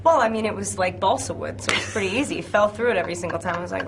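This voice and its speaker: A woman's voice: mid-range voice, rapid-fire, vocal fry, background noise. Rambling, laughing young woman interviewee. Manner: rambling, full of "like", swears, laughs often. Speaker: actress guest. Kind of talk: casual interview chat.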